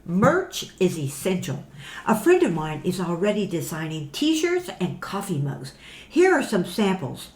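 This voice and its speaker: A woman voicing a brisk, businesslike promoter who pitches merchandise in an upbeat, salesy way. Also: huge pitch swings, darkish tone. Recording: roomy echo.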